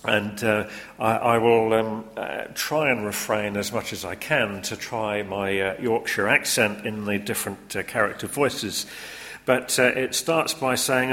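A man speaking to an audience in a casual talk, halting with many pauses and fillers. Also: on the low side, steady tone, fairly bright tone, long reverb tail.

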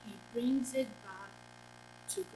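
Slow, high-voiced woman preaching. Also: background noise. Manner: earnest, asks the congregation questions. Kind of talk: sermon.

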